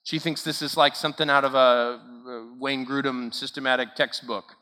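Bright-voiced man preaching in a hall. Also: mid-range voice, fairly even intonation, moderate pace. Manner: emphatic, repetitive preaching cadence. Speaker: camp speaker. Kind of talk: sermon. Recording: long hall reverb.

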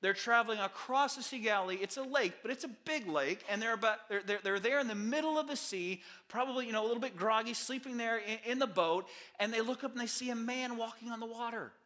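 A male pastor preaching a sermon, retelling a Bible story with animated asides and acted-out voices. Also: very high voice, fast, hardly any pauses. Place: church sanctuary.

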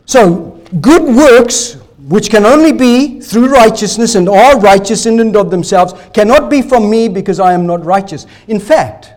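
A male pastor preaching a sermon, emphatic, asking rhetorical questions and swinging between loud declarations and soft asides. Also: high-pitched.

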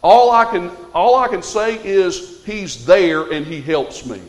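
A man's voice: sits high, slow, big-room sound, low-quality recording. A man preaching a sermon to a congregation, earnest and rising to fervent exhortation. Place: church.

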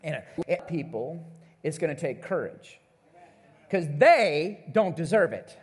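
A man's voice: on the high side, takes it slowly, slightly rough. A male pastor preaching a sermon to his congregation in a conversational way, calling out to the listeners and acting out the people he quotes. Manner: animated, acts out the people he quotes. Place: church service before a congregation.

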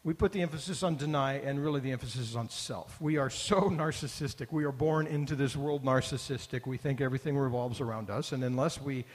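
A man's voice: medium pitch, a little fast, hardly any pauses. A man preaching a sermon as pastor, earnest and building to emphatic repeated phrases. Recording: long hall reverb.

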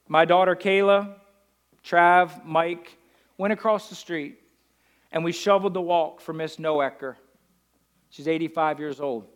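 A man preaching a sermon as a pastor, swinging from loud declarations down to hushed storytelling. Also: fairly high pitch, fairly even intonation, a little slow, long pauses, clear, resonant tone.

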